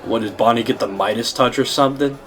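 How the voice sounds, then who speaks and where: A man's voice: mid-range voice, fast, natural voice. A man voicing a cocky, skeptical young boy who talks in an awkward, scoffing way, over background music. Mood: skeptical, mocking.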